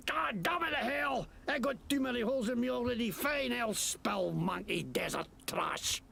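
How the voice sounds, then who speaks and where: A man's voice: very high-pitched, moderate pace, full character voice. An actor playing a crude, foul-mouthed male wasteland crook with a put-on Scottish accent in a video game. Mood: blustering. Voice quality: gravelly, lively swings. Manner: brash, cursing, blustering.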